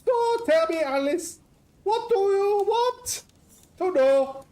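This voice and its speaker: A man's voice: very high-pitched, expressive, slow pace, dark tone, voice pushed up, heavily acted. A man voicing a cheerful middle-aged Greek restaurant owner in a game, with a put-on Greek-Scottish accent and a chatty, exclaiming manner. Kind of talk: reading game dialogue aloud.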